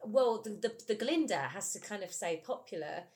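A woman's voice: mid-range voice, animated, moderate pace, darkish tone. A woman with a British accent, an actress chatting in an interview with lots of animation and laughter. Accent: British English. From England. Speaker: musical theatre actress, guest. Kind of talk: casual interview chat.

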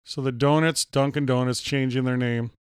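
A man's voice: mid-range voice, fairly even intonation, normal speed, smooth, dry recording, studio quality. A man co-hosting a podcast, chatting casually and teasing his co-host with quips. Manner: teasing, quips and song lines. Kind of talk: casual chat. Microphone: podcast mic.

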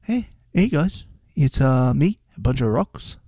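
A man's voice: mid-range voice, big pitch swings, unhurried, warm tone, slightly rough, dry recording, clean studio sound, heavily acted. A man doing a clumsy, jokey attempt at a New Zealand accent for a silly character who calls herself a bunch of rocks. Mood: goofy. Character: goofy young Kiwi woman, a bunch of rocks.

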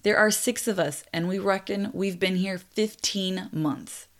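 A woman's voice: mid-range voice, measured pace, lightly acted. A woman voicing an earnest teenage castaway boy.

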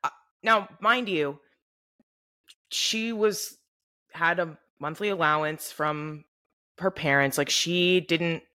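Bright-voiced woman telling a profane story. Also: fairly low pitch, slow pace, long pauses. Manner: animated, profane storytelling with acted-out quotes. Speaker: podcast co-host. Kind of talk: casual chat.

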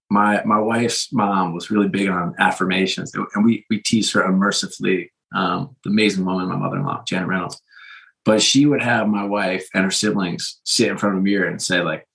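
Middle-aged male host, lowish voice, eager, talks in restarts. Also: creaky, fairly bright tone, low-quality recording. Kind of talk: podcast conversation.

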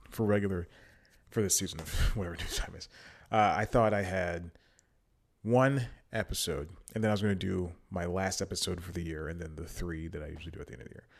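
Deep-voiced guy rambling on his podcast, kinda out of breath, lots of uh's. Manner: rambling, many fillers and self-corrections. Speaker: podcast host. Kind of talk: casual solo podcast chat.

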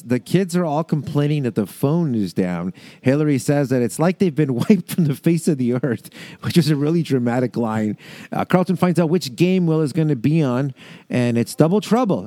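A man from the American South co-hosts a casual podcast chat, rambling with lots of fillers and laughs while reading excerpts aloud. His medium-pitched voice is mellow, and the recording is dry.

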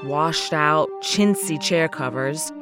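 Slow, low-voiced woman narrating a story. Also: music in the background. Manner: slow, measured and wistful. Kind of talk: audiobook narration of a classic story.

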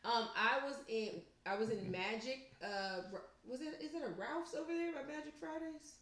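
A woman telling a story in casual chat, animated and profane, laughing often and acting out what people said. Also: high-pitched, moderate pace. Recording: echoey room.

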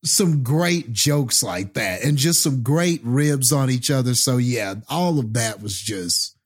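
A man's voice: medium pitch, expressive, slow, husky. A man co-hosting a podcast, talking with enthusiasm about a film and leaning on fillers like "like" and "you know". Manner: enthusiastic, filler-heavy, chuckling. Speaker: podcast co-host. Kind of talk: casual movie review chat.

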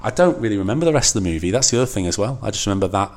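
A man with a low, deep voice talks casually as a podcast co-host. He laughs often and slips into lively retellings of film scenes. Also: rapid-fire. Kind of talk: casual chat.

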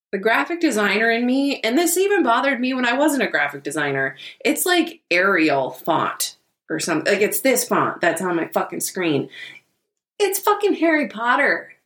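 A woman's voice: mid-range voice, fairly bright tone. A woman co-hosting a casual podcast chat, blunt and swearing often. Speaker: podcast co-host.

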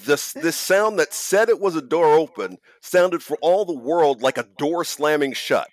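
A man's voice: fairly high pitch, expressive, measured pace, no echo. Podcast host guy, rambly and self-deprecating, dry close sound. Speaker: podcast host and audio producer. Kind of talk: casual chat.

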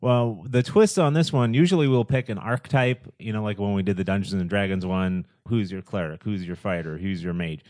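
Low-voiced easygoing man on a podcast. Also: a little fast, hardly any pauses, darkish tone, no echo, studio quality. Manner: easygoing, laughs often. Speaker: podcast co-host. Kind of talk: casual chat.

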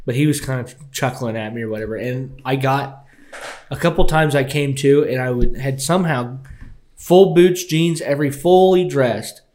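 A man's voice: medium pitch, normal speed, a little mellow, slight background noise. A man co-hosting a casual podcast, telling a rambling story full of swearing and laughing at himself. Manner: loose, profane storytelling, laughing often. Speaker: podcast co-host. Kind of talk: casual chat.

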